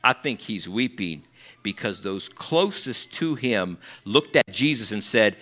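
A man preaching a sermon as pastor, telling stories with animated asides and acting out the people he quotes. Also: lowish voice, a little slow. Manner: conversational asides to the congregation.

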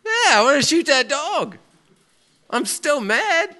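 A man's voice: medium pitch, unhurried, pushed and bright, voice pushed down. A man playing a churchgoing man who hides his anger behind forced kindness, jumping between seething lines and sugary politeness. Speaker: character acted out in a Bible talk.

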